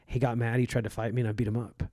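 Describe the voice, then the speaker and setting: A man's voice: medium pitch, flat delivery, very fast, warm tone, dry recording. A man from Egypt, a comedian guest, telling vivid stories from his childhood and acting out the people in them. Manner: vivid storyteller, acts out quoted voices. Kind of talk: storytelling in conversation.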